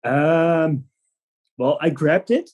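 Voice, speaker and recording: Dutch man telling stories, mellow voice. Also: a little high, drawn-out words, dull audio. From Netherlands. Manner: animated storytelling with frequent fillers and laughs. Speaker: podcast guest, slackliner. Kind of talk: casual interview chat.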